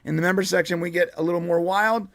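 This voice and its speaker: A man with a rather high voice co-hosts a casual live stream, rambling through stories with plenty of restarts. He laughs easily between points. The sound is dry and close, with no room echo. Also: fairly even intonation, quick pace, vocal fry, fairly bright tone. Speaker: podcast co-host.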